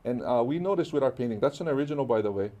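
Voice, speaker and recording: A man's voice: mid-range voice, expressive, very fast, mellow. A middle-aged man from Hawaii with a Hawaiian accent, animatedly telling stories in a casual interview and acting out the dialogue. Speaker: guest artist.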